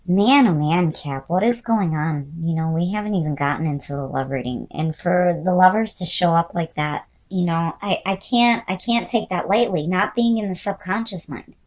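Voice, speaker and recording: A woman with a low, hoarse voice, worn down as she loses it, talks through a casual tarot reading. She muses aloud, often repeating a word twice. She addresses the listener directly and personally. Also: moderate pace, hardly any pauses, a little mellow. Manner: musing, repeats key words, talks straight to the viewer. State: hoarse, losing her voice. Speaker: tarot reader.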